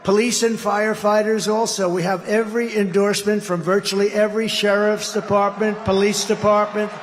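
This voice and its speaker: A man's voice: sits high, little pitch movement, fairly quick, in a large hall, slight background noise. A man giving a campaign rally speech, rambling and repetitive with boastful asides. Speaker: political candidate addressing a rally.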